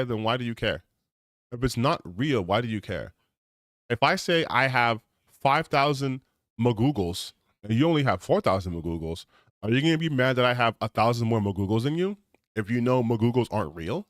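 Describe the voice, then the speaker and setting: A man's voice: medium pitch, dry recording, studio quality. A man ranting on a gaming stream, reading out comments and reacting with heated, sarcastic, profane commentary. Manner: heated, sarcastic, swears often.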